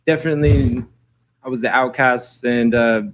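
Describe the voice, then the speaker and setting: A man from the San Jose area, a guest artist telling his story in a relaxed, rambling way during a radio interview. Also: mid-range voice, moderate pace, a little hiss or hum. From San Jose area, California. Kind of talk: casual interview talk. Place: radio studio.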